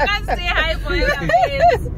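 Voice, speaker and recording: High, excitable woman far from mic. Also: a little slow, over a noisy crowd, heavy background noise. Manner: excitable, gushing, laughs often. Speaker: visiting YouTuber guest. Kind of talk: casual chat.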